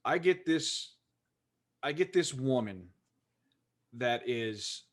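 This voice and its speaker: Pittsburgh man, podcast co-host, animated rambling storyteller, middle-pitched voice. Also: takes it slowly. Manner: rambling, animated, lots of "like" fillers. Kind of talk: casual storytelling chat.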